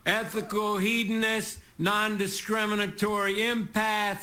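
High-voiced Texan man rambling through a monologue. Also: a little slow, pushed and bright. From Texas. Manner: rambling, self-mocking, chuckles through his punchlines. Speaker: guest host giving a comedy monologue. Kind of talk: stand-up monologue. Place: TV studio stage with a live audience. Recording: noisy broadcast clip with audience laughter.

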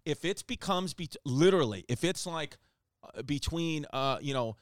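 Smooth-voiced New man hosting. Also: a little high, expressive, moderate pace, dry recording, clean studio sound. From New York, the Bronx. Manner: joking, probing questions. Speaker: podcast host. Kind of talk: casual chat.

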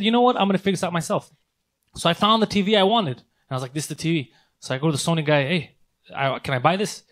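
A man in casual chat, telling an animated, profane story and acting out angry exchanges. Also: on the high side.

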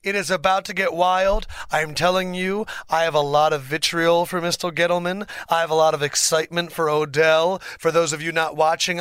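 A young man hosting a sports podcast as a lively solo monologue, theatrical and excitable, swinging between big outbursts and mock gloom. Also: a little high, no echo. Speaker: podcast host. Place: podcast studio.

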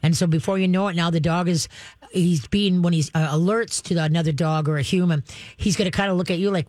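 A woman dog trainer answers callers on a radio show in a dry, close recording. She explains leash handling step by step. She drops into a soft, low voice to act out calm commands to a dog. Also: quick pace, no room sound. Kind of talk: call-in radio advice.

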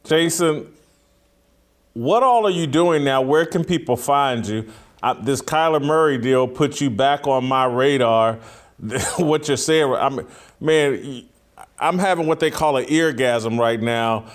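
A man hosting a podcast, asking questions excitedly with stammered restarts. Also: medium pitch, slow pace. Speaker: podcast host. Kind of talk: casual interview talk.

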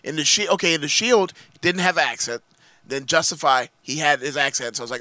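A man co-hosting a casual podcast chat, an animated storyteller with casual swearing. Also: fairly high pitch, fast, dry recording.

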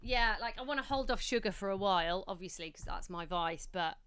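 A woman in her thirties co-hosts a casual podcast, talking things through in a reflective, rambling way. Her voice is very smooth and clear, recorded close and dry with no room sound. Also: medium pitch, animated, a little fast, a bit bright, no room sound. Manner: chatty, reflective, many restarts. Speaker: podcast co-host. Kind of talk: casual chat.

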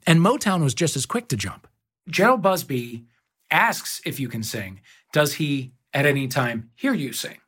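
A man hosting a podcast, reading scripted narration in a measured, wry way. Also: fairly high pitch, lively intonation, fairly bright tone, husky. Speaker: podcast host.

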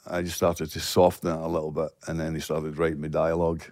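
A man's voice: very deep voice, little pitch movement, fast, darkish tone, no echo, studio quality. A man with a Glasgow accent, a guest actor telling blunt, sweary stories in a casual podcast chat. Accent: Scottish, Glasgow. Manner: swears a lot, blunt storytelling.

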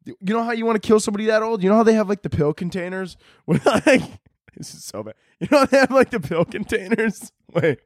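Crude, rambling young man, a bit high. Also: expressive, fast, no room sound, studio quality. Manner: crude, rambling, laughs often. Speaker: podcast host. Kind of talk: profane comedic monologue.

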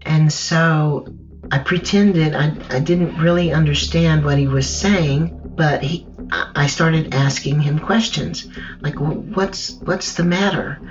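Woman telling her story real slow and careful, kinda distant and muffled with faint music under it. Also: sits low, fairly even intonation. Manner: slow, measured, halting in places. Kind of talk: first-person recollection.

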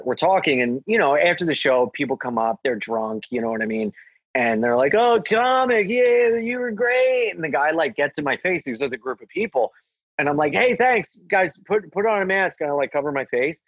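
A man, a stand-up comedian, telling a story in casual chat and acting out the quotes in a higher voice. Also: brisk, no echo, muffled recording. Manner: animated, acts out quotes in a higher voice.

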